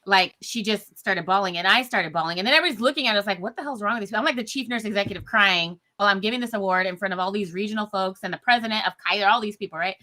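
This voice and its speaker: A woman tells her own story in an interview, chatty and emotional, and keeps slipping into little acted quotes. Her voice is bright and forceful. She is heard over a video call. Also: mid-range voice, rapid-fire, hardly any pauses. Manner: animated storytelling with many fillers and acted-out quotes. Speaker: guest nurse executive.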